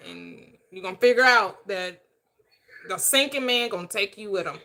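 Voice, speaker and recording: Bright-voiced woman hosting a panel. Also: medium pitch, expressive, moderate pace. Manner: blunt, teasing, preachy. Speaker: host. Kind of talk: casual online panel chat.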